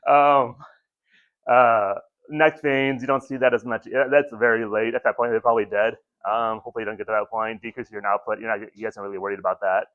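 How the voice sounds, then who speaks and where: A man's voice: fairly low pitch, steady tone, fast talker. A man giving a casual training lecture to ambulance crews, rambling and self-deprecating, with lots of ums and restarts. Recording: muffled lo-fi recording.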